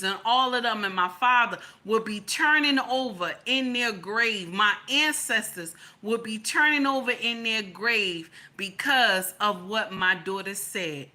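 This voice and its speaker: A woman's voice: on the high side, pushed and bright. A woman giving casual opinion commentary, colloquial and emphatic, repeating her lines for stress. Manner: colloquial, slangy.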